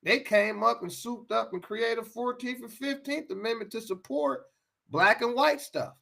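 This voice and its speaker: A man's voice: very high-pitched, lively intonation, moderate pace, gravelly, sharp tone. An American man giving an impassioned talk, emphatic, often repeating and restarting his phrases. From United States.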